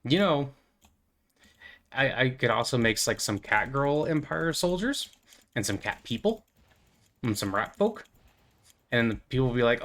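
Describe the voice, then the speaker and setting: A man's voice: mid-range voice, lively intonation, normal speed, pauses often, fairly bright tone. A young man with an ordinary mid-range voice rambles through his gameplay in loose, filler-heavy chatter. He keeps drifting into silly, playful asides as he talks to his viewers. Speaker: gaming channel host. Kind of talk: casual commentary while playing.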